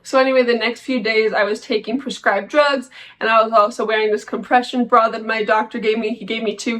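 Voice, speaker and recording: A young woman with a slightly high voice tells a personal story straight to camera. She talks casually, full of fillers and restarts, candid and self-mocking. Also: poor audio. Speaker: vlogger.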